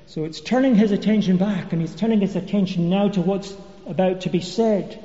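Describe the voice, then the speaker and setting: A man delivers an evening sermon, working through his points in a measured teaching style. His voice sits high and mellow. The sound is dull and carries a long echo, as in a church hall. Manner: measured expository preaching with fillers. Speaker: preacher.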